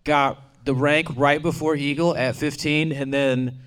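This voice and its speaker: A man's voice: a little high, fairly even intonation, a little slow, fairly bright tone, clean tone. A man, a stand-up comedian, chatting casually on stage in a rambling way, with lots of "like" and "you know".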